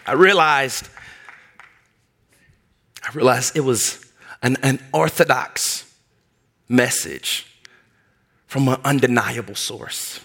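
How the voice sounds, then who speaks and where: A middle-aged male pastor preaching a sermon, telling a personal story in an animated way and acting out the voices in it. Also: mid-range voice, takes it slowly, vocal fry, long pauses, slightly rough. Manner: animated, acts out voices in anecdotes.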